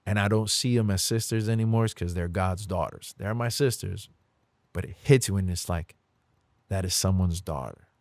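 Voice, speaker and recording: A man's voice: low-pitched, normal speed, a little mellow, no room sound. A man speaking as a podcast guest in a candid faith conversation, earnest and confessional, at times emotional.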